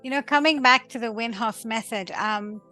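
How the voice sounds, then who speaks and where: A woman's voice: on the high side, normal speed, pushed and bright, faint music behind. Enthusiastic woman podcast host. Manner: enthusiastic, exclaiming. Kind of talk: casual interview chat.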